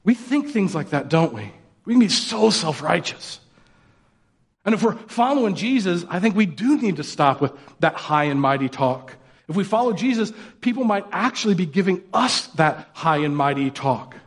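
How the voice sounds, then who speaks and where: Guy pastor preaching, chatty and casual, lots of "right?" questions, slightly higher voice. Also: very animated, normal speed, breathy edge. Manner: conversational, rhetorical questions, mocking put-on voices for quotes. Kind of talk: sermon.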